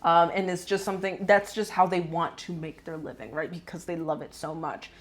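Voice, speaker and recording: A woman's voice: on the low side, steady tone, fairly quick. A woman from the United States hosting a casual commentary video, chatty and opinionated, often tagging on "right?". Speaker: commentary channel host.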